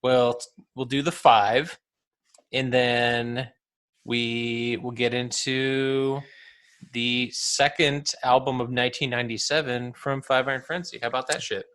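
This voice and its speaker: Jokey New Jersey podcast host, thirties, bright tone, mid pitch. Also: male voice, flat delivery, a little slow, clean tone. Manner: jokey, laughs a lot, drops into goofy voices. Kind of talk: casual podcast chat.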